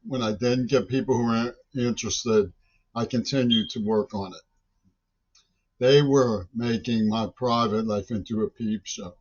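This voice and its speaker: A man's voice: medium pitch, fairly even intonation, unhurried. An older man delivering a long, agitated, rambling monologue, often breaking off words and restarting. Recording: dull lo-fi recording.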